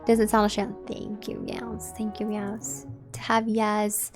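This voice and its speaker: A woman's voice: medium pitch, flat delivery, a little slow, vocal fry, over music. A woman live-streaming a game, chatting casually and directly with her viewers. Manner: chatty, talks straight to her chat.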